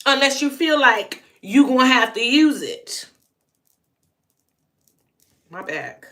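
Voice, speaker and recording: Young woman vlogging her story, bright sharp voice, blunt and emphatic, repeats herself. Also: high voice, very animated, slow. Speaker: vlogger telling a personal story. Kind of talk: casual storytelling to camera.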